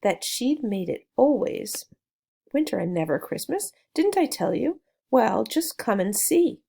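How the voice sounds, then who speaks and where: A bright, eager male beaver from a storybook, calling out loudly with a raised, gravelly voice, as a woman reader puts him on. He rushes his words with excitement. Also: a little high, pitched above the performer's own voice, exaggerated voice. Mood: insistent. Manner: excited, shouting, bad grammar.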